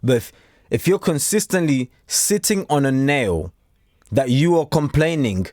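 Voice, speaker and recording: A self-improvement coach from Africa gives a blunt, preachy motivational talk straight to camera, acting out the voices of the people he quotes. His fairly high voice swings widely in pitch, slightly mellow at a normal speed, in a dry, studio-quality recording.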